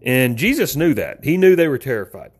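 A man preaching an informal sermon, talking straight to his listeners as folks, with big swings in pitch. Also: sing-song, a little fast, breathy edge.

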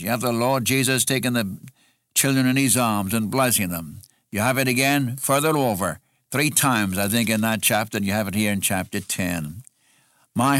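A man's voice: fairly low pitch, a bit bright, no room sound, studio quality. A man preaching an expository sermon in an earnest way, repeating phrases for emphasis.

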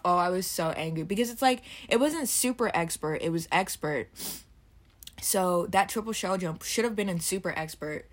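A young woman hosting a solo podcast, rambling casually and swearing freely, her voice a little throaty from just waking up. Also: on the low side. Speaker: podcast host.

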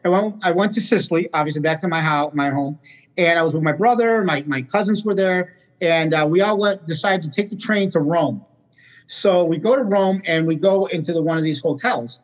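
A man in casual chat, telling an animated story about a trip. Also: a little high, a little fast. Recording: dull lo-fi sound.

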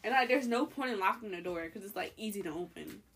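A woman's voice: mid-range voice, expressive, quick pace, a bit bright, a little hiss or hum. A young woman hosting a podcast, telling stories in a rambling way with lots of fillers and laughs. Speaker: podcast host. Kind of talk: casual chat.

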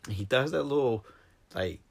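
In a casual conversation about a film, a man with a somewhat low voice retells the plot with animated emotion. His voice rises sharply at the big scenes, and he sounds close to tears.

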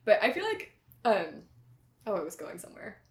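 A woman's voice: mid-range voice, huge pitch swings, a little fast. A woman co-hosting a podcast in casual chat, easygoing and chatty with many hedges. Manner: chatty, easygoing, fond of hedging. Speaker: podcast co-host. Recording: roomy echo, rough podcast audio.

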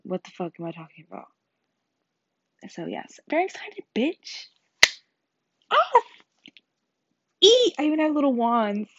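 A young woman rambling casually in a vlog, excitable and swearing freely. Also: fairly low pitch, husky, dry recording, dull audio. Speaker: vlogger. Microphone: earbud headset mic.

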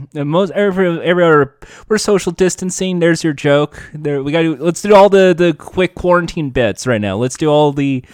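A man's voice: on the high side, moderate pace, smooth, no room sound, studio quality. A man co-hosting a casual podcast, ranting and swearing in mock outrage. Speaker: podcast co-host.

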